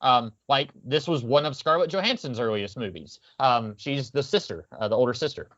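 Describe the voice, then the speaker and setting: A man chats casually on a podcast, pitched in the middle, with a steady stream of ums and uhs. His audio sounds a little muffled and lo-fi. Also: normal speed. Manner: chatty, many fillers, quotes lines in character. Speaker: podcast co-host. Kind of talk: casual film discussion.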